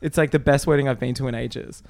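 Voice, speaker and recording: A man's voice: medium pitch, steady tone, quick pace, creaky, darkish tone, no echo. A man co-hosting a podcast, chatting with eager, slangy enthusiasm. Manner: enthusiastic, slangy, says "dude" and "like". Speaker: podcast co-host. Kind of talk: casual chat.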